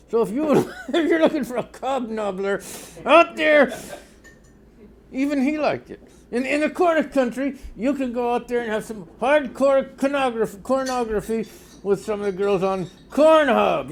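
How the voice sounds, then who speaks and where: Gravelly high-voiced comic host. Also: male voice, animated, normal speed. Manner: mock pitchman voice, sudden jumps in pitch and loudness. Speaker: comedy host of a spoof news show. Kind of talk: rambling deadpan comic monologue.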